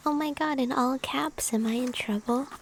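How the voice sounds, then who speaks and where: A woman streamer in whispered ASMR chat, soft and playfully teasing. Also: high-pitched, normal speed, gravelly, noisy background.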